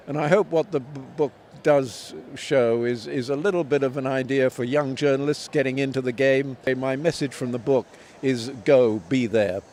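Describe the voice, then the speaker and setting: Older guy in his 70s, veteran commentator, mid pitch, measured, lots of ums. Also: a little mellow, a little hiss or hum. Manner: measured, anecdotal, with frequent ums and restarts. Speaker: tennis commentator and author, guest. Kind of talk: reflective interview answers.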